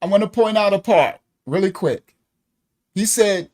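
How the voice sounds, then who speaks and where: With a high-pitched voice and an unhurried delivery, a man hosting a live stream reacts casually to content, staying animated and laughing often.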